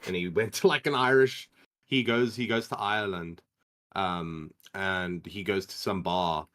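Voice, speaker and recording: A man co-hosting a casual stream chat, telling stories in an animated, sweary way. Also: deep voice, unhurried. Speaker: stream co-host.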